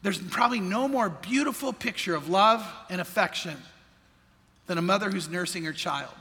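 A man's voice: high voice, expressive, moderate pace, pushed and bright, long reverb tail. A male pastor preaching a sermon in earnest, putting questions to his congregation. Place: church sanctuary.

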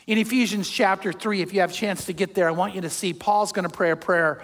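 An older man preaching a sermon as a pastor, conversational and animated, chuckling as he goes. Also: sits high, fast talker. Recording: long hall reverb.

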